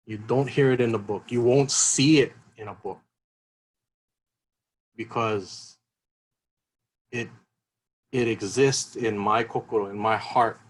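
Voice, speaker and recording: A man's voice: medium pitch, steady tone, slow, long pauses, low-quality recording. A man giving an earnest, emotional talk at a seminar. He repeats his key phrases as he speaks. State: emotional, voice catching.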